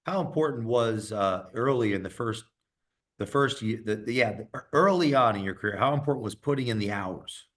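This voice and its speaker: A man's voice: mid-range voice, animated, a bit bright. Male podcast host with short reactions. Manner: short reactions, halting questions. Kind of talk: podcast interview.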